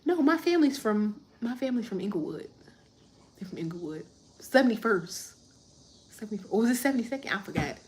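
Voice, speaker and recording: A woman's voice: mid-range voice, big pitch swings, a little fast. A woman, chatting casually on a livestream and answering viewer comments as she rambles. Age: 30s.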